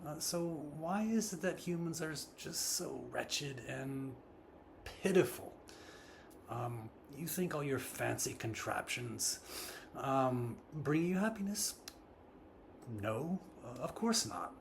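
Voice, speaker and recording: A man's voice: a little high, expressive, takes it slowly, gravelly, slight background noise, full character voice. A man voicing a mocking male monkey who lectures a human from the treetops, full of rhetorical questions and ums. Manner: scolding, rhetorical, hesitant with ums.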